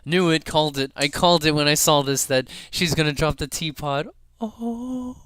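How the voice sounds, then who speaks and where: A man giving excited fan commentary on an animated show, emotional and often laughing. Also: on the high side, moderate pace, smooth, dry recording.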